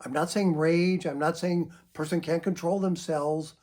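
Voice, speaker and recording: A middle-aged man, a psychotherapist, giving a measured educational talk, often clearing his throat. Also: on the high side, fairly even intonation, darkish tone.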